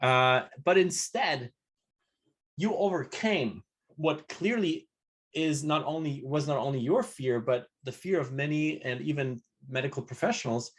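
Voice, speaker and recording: A man's voice: fairly high pitch, measured pace. Reflective male interview host. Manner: reflective, searching questions. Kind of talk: interview questions. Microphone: video call.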